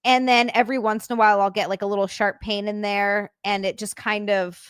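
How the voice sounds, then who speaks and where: A woman chatting casually on her livestream, reading comments aloud in a rambling, halting way and swearing freely. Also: mid-range voice, level tone, clear, resonant tone, no echo, studio quality.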